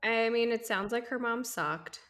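A woman's voice: fairly high pitch, a little slow, fairly bright tone. A young woman co-hosting a casual podcast, chatting and gossiping about reality TV and laughing often. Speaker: podcast co-host. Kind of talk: casual chat.

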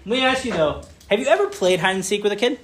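A man in his thirties giving a playful church talk, telling stories with lots of fillers and bursting into loud, excited acted asides. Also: high voice, fast. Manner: chatty, many fillers like "um" and "like". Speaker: speaker giving a children's message. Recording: roomy echo.

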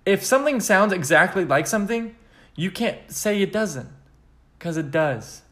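A young man from Kansas hosting a solo podcast, rambling and sarcastic in an animated way. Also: sits high, normal speed. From Kansas, United States. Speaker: podcast host.

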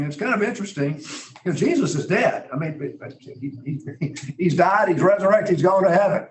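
A man teaching a Bible study lesson in a folksy, conversational way, often clearing his throat. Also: sits high, animated, brisk, a little hiss or hum. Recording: roomy echo.

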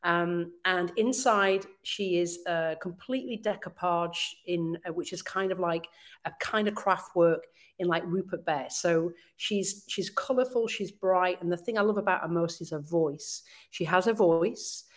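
A woman chatting as a podcast guest. She is enthusiastic and laughs easily, with a somewhat low pitch for a woman. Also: measured pace. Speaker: interview guest. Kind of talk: casual conversational interview.

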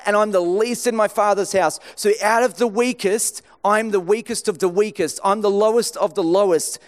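A man with a fairly high voice delivers a sermon in a conversational storytelling way. He acts out the dialogue from his anecdotes, his pitch rising and dropping as he switches between the people in the story. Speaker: preacher.

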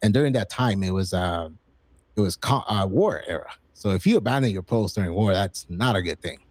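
A man in his forties telling stories in casual, profane chat, acting out quoted lines with excitement. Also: sits low, a little fast, dry recording. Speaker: podcast guest.

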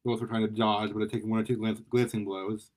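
A man reading a superhero story aloud in a lively way, often stumbling and repeating words. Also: on the low side, quick pace. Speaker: story reader.

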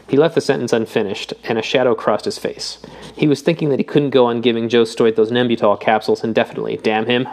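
Male audiobook narrator, mid-pitched, steady reading, brighter on quoted dialogue. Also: quick pace. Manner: reads steadily, lifting his voice for quoted dialogue. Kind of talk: scripted narration.

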